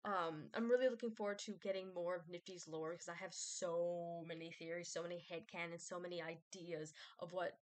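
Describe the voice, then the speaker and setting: A woman's voice: fairly low pitch, steady tone, brisk, few pauses. A woman vlogger rambling casually, with many fillers, restarts and self-doubt.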